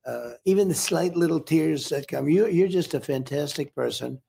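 A man's voice: a little high, normal speed, creaky, warm tone. A man interviewing a guest in casual conversation, asking blunt, direct questions.

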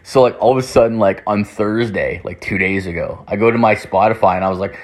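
A man's voice: lowish voice, fairly even intonation, fairly quick. A young man telling a rambling story in casual talk, swearing heavily and filling his speech with "like". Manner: rambling, heavy swearing, constant "like".

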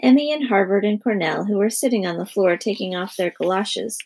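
A woman narrating a children's storybook in a lively storytelling manner. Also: medium pitch, brisk, a little hiss or hum.

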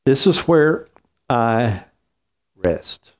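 A man preaching a sermon as pastor, slow and emphatic, with wide swings in pitch. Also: big pitch swings.

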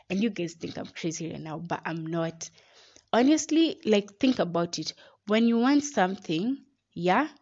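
A young Kenyan woman with a lowish, darkish voice hosts a podcast, delivering a casual motivational monologue. She's chatty, calls her listeners "guys," and says "like" a lot, all on a dull lo-fi recording.

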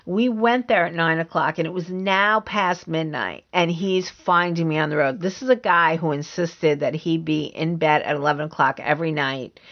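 A woman's voice: sits low, moderate pace, hardly any pauses, dull audio. A middle-aged woman hosting a podcast, telling her own painful story candidly in long run-on sentences, from the northeastern United States. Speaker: podcast host. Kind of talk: personal storytelling.

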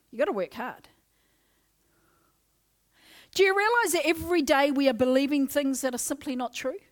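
A young woman preaching an energetic Pentecostal sermon in a church, loud and exclaiming as she leads the congregation in call-and-response. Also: sits high, normal speed, long pauses. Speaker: guest preacher. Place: church service.

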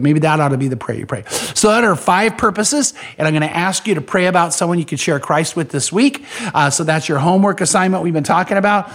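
Earnest male pastor, fairly high voice. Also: fast talker, hardly any pauses. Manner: earnest, repeats key lines for emphasis. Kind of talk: podcast sermon.

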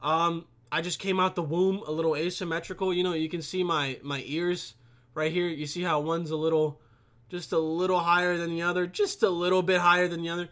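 A man's voice: a little high, little pitch movement, brisk, a bit bright. A young man venting to his camera in a rambling, profane rant, filmed on a camera set on his computer. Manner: profane, rambling, swears constantly. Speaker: vlogger.

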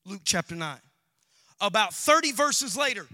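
A man preaching with fiery intensity, his high, bright voice climbing into shouts and then dropping to hushed asides. He delivers a sermon from the pulpit of a church, with a sharp, ringing edge. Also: big pitch swings, fairly quick. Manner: impassioned preaching, swings from shouts to quiet asides. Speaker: pastor. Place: church sanctuary.

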